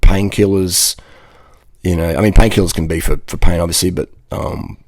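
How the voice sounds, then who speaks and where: A man's voice: low voice, steady tone, moderate pace, a little mellow, no echo. A man, ranting casually to camera in a blunt, rambling, profane way. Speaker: vlogger.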